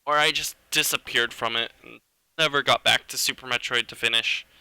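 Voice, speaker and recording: A man's voice: mid-range voice, steady tone, normal speed, vocal fry, bright, forceful tone, smooth, dry recording. Chatty male game streamer. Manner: chatty, reacts to chat and game music. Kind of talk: casual live gameplay commentary. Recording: game music playing behind.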